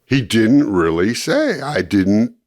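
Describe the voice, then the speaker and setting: An older man, interviewed, recounting a personal story and acting out what others said in lively bursts. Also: on the low side, takes it slowly. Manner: animated storytelling, acting out quoted speech. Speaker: interviewee, former ministry student.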